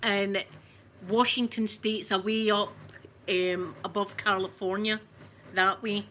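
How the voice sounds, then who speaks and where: This older Scottish livestream host rambles through a casual chat with her viewers, frequently laughing and fixing her own words. Her mid-range voice is level in tone, a bit bright, and slow, over a slight hiss or hum.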